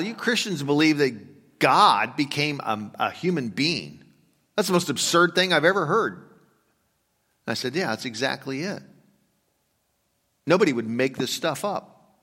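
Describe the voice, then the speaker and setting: A male pastor preaching a sermon, moving between hushed, slow reflection and loud, emphatic urging. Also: medium pitch. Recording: long reverb of a large hall.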